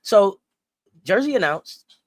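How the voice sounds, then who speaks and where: Woman co-host, casual sports talk, animated, repeats herself, dry close mic. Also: mid-range voice, slow, no room sound. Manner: animated, playful, repeats words.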